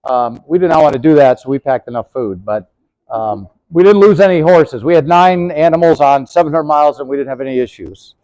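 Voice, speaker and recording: A man's voice: a little high, fairly quick, a little mellow, no echo, poor audio. A middle-aged man giving a casual, rambling demonstration of his gear outdoors beside his horse, with lots of fillers. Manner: folksy, rambling, many fillers. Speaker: historical horse trekking presenter.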